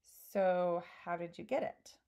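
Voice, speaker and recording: A woman voicing a curious, brave young girl in a storybook reading, pitched above her own voice. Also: takes it slowly, creaky, mellow, highs cut off. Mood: eager. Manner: eager questions, higher than the reader's own voice.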